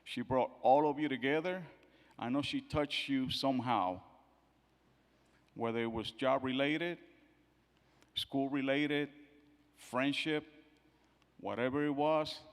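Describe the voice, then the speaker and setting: A middle-aged man giving a eulogy for his daughter, telling family stories and acting out the quotes, his voice swinging from soft to loud. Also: medium pitch, fairly even intonation, takes it slowly, pauses often. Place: church sanctuary. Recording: long church hall reverb.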